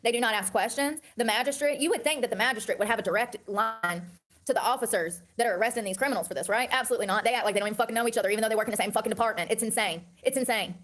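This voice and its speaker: A woman in her thirties delivers a heated monologue to camera, talking quickly in a slightly high voice. She swears freely and circles back over the same points. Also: a bit bright. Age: 30s. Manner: heated, profane, repetitive ranting. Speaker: online personality.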